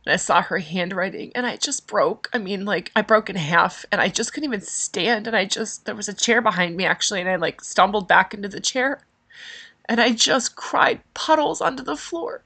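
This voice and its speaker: A woman's voice: medium pitch, normal speed, sharp tone, slightly rough. A middle-aged woman hosting a podcast, telling a personal story in an emotional, rambling way with many fillers. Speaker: podcast host.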